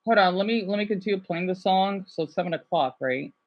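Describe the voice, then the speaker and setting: A woman chatting casually to her viewers in an excitable way, often stumbling over words as she goes. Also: medium pitch, quick pace, muffled recording. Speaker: vlogger.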